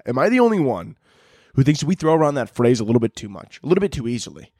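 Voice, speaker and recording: A man's voice: mid-range voice, sing-song, quick pace, dark tone, slightly rough, no room sound, studio quality. A young man hosting a podcast, delivering a crude, rambling comedic monologue and laughing at his own jokes. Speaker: podcast host.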